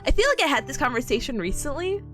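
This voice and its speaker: Young woman VTuber, very high lively voice, giggly, faint music behind. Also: fast talker. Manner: giggly, bubbly, talks with a smile. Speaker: VTuber streamer. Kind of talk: casual chat reading stream chat.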